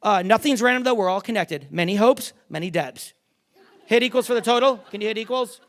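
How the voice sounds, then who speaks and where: A man's voice: high voice, fairly quick. A middle-aged man performing live stage magic in a theater, bantering with the crowd in a brash, joking, swearing way. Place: large theater stage before a live audience.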